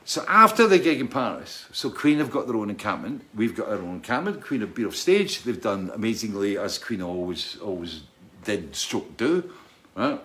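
A man's voice: on the low side, sing-song, normal speed, bright, forceful tone. A man who is a touring musician, telling a casual, rambling anecdote, keeps checking in with "right?" and laughing.

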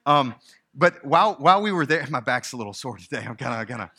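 A man's voice: medium pitch, lively intonation, quick pace, sharp tone, breathy edge. A male pastor preaching a sermon in a conversational, emphatic way.

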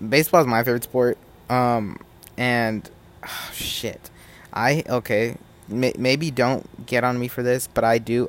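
A young man hosting his own podcast, ranting in a profane, animated way. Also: mid-range voice. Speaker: podcast host. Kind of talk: solo podcast rant.

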